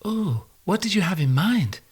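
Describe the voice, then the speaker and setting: A man voicing a coy, reluctant wife who answers in a soft, hushed way with hesitant, evasive replies. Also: high voice, big pitch swings, moderate pace, slightly rough, voice pushed up, exaggerated voice.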